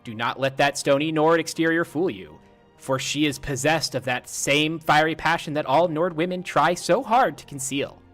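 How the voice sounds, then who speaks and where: A man's voice: a little high, moderate pace, a bit bright, faint music behind, lightly acted. A man reading a game book aloud as a lecherous, flowery male bard while mimicking a text-to-speech lady voice. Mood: grandiose. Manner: grandiose, theatrical reading.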